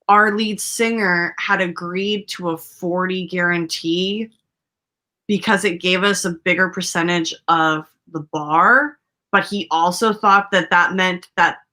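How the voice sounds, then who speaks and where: Bright-voiced chatty woman. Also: on the low side. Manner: rambling, lots of fillers and laughs. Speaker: podcast host. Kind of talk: casual storytelling chat.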